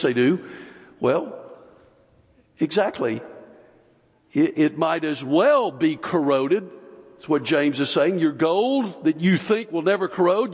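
A male pastor preaching a sermon, slow and emphatic, with long pauses between phrases. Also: on the high side, husky. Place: church sanctuary. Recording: dull, lo-fi recording with long hall reverb.

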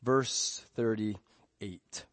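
A man preaching a sermon as pastor, telling the story in a lively way and dropping to a soft hush when reading scripture. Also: lowish voice, extremely slow, dry recording. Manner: animated storytelling, acting out panicked voices. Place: church.

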